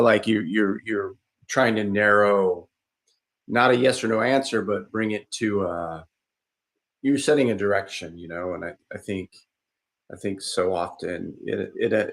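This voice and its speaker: A man talking casually on a podcast, rambling with frequent restarts and fillers, and turning animated when he mimics other people. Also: mid-range voice. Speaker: podcast speaker. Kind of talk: casual conversational podcast talk.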